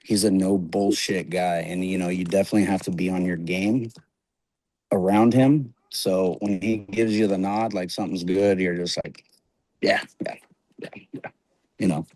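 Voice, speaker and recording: Man, guest on a podcast, casual chat, laid-back, swears a lot, lowish voice, dry close sound. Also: fairly even intonation, normal speed, warm tone, no echo, low-quality recording. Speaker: guest stuntman.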